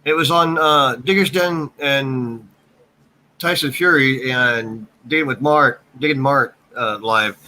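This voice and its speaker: American guy on a live chat, tense bright tone, kinda stop-start. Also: mid-range voice. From United States. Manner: halting, restarts sentences. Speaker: chat guest.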